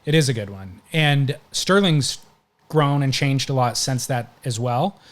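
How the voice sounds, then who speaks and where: A man's voice: medium pitch, unhurried. A man hosting a podcast, casually recounting stories at length in conversation. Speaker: podcast host.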